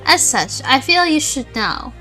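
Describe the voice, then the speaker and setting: A woman reading as a formal, measured official man. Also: sits high, big pitch swings, sharp tone, faint music behind, heavily acted. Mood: grave.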